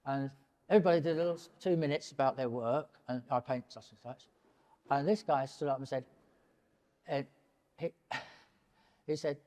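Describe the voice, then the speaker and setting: An older man in his seventies, a painter speaking to an audience in a public talk, animated and digressive and often breaking off mid-sentence. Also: mid-range voice, normal speed, long pauses. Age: 70s. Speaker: painter and prize winner, interviewee. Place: large gallery hall, in front of an audience. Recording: long hall reverb in a gallery.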